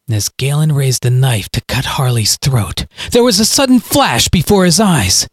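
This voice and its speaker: A man reading his own audio story aloud as its narrator, in a dramatic, expressive way. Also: medium pitch, moderate pace, hardly any pauses, slightly rough, dry recording, clean studio sound. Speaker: podcast author and narrator.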